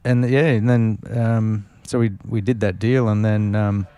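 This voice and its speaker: A man's voice: on the low side, steady tone, measured pace, mellow, clean tone, no echo. Man telling racing stories. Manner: rambling anecdotes with many fillers and restarts. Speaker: podcast guest, former racing driver. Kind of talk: casual storytelling interview.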